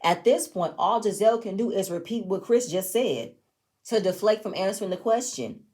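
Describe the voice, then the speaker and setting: Woman, reality TV recap, casual commentary, blunt, profane, opinionated, mid pitch. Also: animated, moderate pace, darkish tone.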